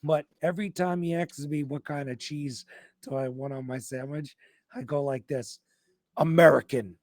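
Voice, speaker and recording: A man's voice: a little high, fairly even intonation, normal speed, a little mellow, dry recording. A man hosting a podcast, telling rambling stories full of slang and swearing. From New York. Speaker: podcast host. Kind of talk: casual crude podcast banter.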